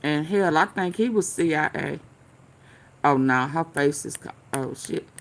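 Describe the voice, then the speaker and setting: Slow, gravelly woman host rambling to viewers. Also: low voice. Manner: rambling, talks straight to viewers, swears, searches aloud. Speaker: commentary channel host. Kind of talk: casual commentary reacting to clips.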